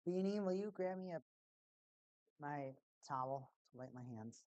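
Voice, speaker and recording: A woman hosting a casual live stream at home, chatty and repeating her catchphrases in excited bursts. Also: deep voice, unhurried, dry recording.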